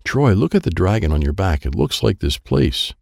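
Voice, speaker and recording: A man's voice: very animated, moderate pace, creaky, a little mellow, dry recording, clean studio sound, exaggerated voice. A man voicing a bossy, impatient young girl in a storybook reading, pushing everyone to hurry. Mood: curious. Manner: urgent, pushy, high-pitched. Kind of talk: storybook character voice.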